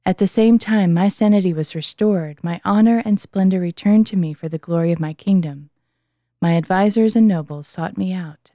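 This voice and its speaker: A woman reading the words of a proud ancient king who has been humbled, in an earnest, measured way. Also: fairly low pitch, warm tone, no echo, studio quality.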